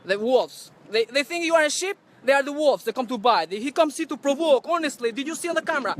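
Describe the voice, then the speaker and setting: High-pitched man ranting fast on a street. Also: expressive, slight background noise. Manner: loud, accusatory, repetitive ranting; non-native phrasing. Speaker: activist street vlogger confronting staff. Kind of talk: livestreamed street rant to camera. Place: outdoors on a city street by a building entrance. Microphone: handheld camera or phone he speaks into.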